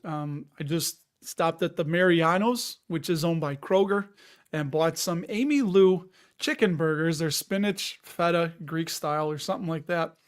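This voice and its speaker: A man's voice: on the high side, normal speed, clean tone. A man hosting a casual livestream, chatty and jokey, who wanders off topic. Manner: rambling, jokey, loses his train of thought. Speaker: livestream host.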